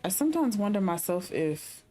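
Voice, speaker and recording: A woman voicing a grieving Argentine woman who speaks in a dry, frank, halting way. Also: mid-range voice, sing-song, dark tone, faint music behind. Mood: guarded, sad.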